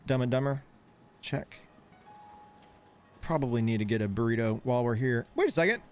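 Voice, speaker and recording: There's faint music behind this man's medium-pitched voice as he commentates on a live game stream at a moderate pace. He has a slight lisp from lost front teeth after dental work, and on painkillers he drifts off-topic, rambles, and giggles.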